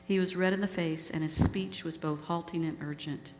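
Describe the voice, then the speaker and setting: Woman guest speaker, low voice, earnest storyteller, hall reverb. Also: steady tone, moderate pace, darkish tone. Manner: earnest, emotional retelling. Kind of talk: storytelling talk. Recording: echoey hall with faint hum.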